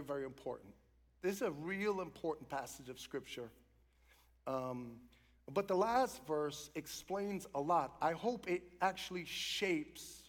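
A pastor preaches in a high-pitched voice that lingers over each phrase. He moves between casual asides and loud, fervent calls to his congregation. The long reverb of a big church sanctuary trails every line. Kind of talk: sermon. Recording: long reverb of a large room.

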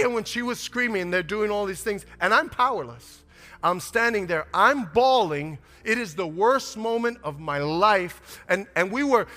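A pastor delivers his sermon in a high, bright, forceful voice, moving between quiet confessional storytelling and loud, impassioned preaching. His words ring out with the long reverb of a large hall, and soft music plays faintly beneath. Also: animated, moderate pace.

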